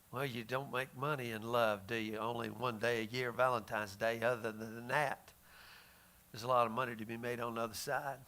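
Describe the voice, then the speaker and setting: A man's voice: mid-range voice, pushed and bright. A man teaching the Bible in a casual, folksy way, often restarting his sentences. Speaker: pastor.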